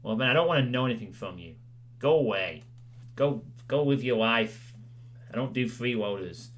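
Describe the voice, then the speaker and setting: Male streamer in casual chat, rambling and self-deprecating, bright timbre, middle pitch. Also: lively intonation, normal speed. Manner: rambling, self-deprecating, with frequent "you know"s. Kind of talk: casual chat with a livestream audience.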